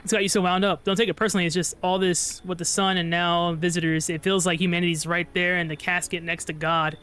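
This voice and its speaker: A man's voice: high voice, little pitch movement, fast talker, bright, forceful tone, a little hiss or hum. A man reading as a bitter survivor at the door.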